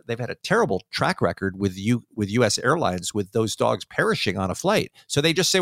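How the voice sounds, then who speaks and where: A man who hosts a radio show, talking in a relaxed, measured way from his home studio. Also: medium pitch, vocal fry, dry recording. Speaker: radio host. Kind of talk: remote interview chat. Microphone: home studio microphone.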